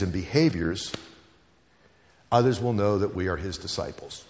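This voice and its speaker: A man's voice: deep voice, moderate pace, pauses often, a little mellow, long reverb tail. A man preaching a sermon, telling stories and hammering home repeated phrases. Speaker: pastor.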